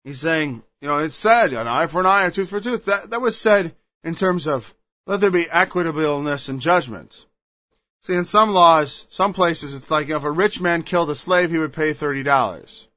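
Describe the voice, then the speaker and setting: A man's voice: a little high, normal speed, sharp tone, dry recording. A man preaching a sermon, emphatic and digressive, reading scripture and explaining it. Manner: acts out quoted voices, emphatic, digressive. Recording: dull, lo-fi dry recording.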